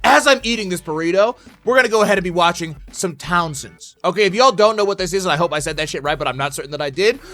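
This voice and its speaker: A man hosting a reaction video, reacting loudly and profanely with excitable outbursts. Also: high-pitched, fast, hardly any pauses. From United States. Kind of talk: casual reaction commentary.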